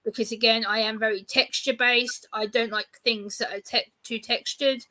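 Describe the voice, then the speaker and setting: A woman in her thirties, a guest in a casual interview, telling stories in an animated way and acting out exchanges. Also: on the high side, moderate pace. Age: 30s. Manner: animated storyteller, acts out exchanges.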